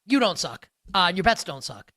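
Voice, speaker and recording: A man's voice: high voice, very animated, fairly quick, pushed and bright, no room sound. A man hosting a live sports betting show, joking loosely and rambling with restarts. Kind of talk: casual live show chat.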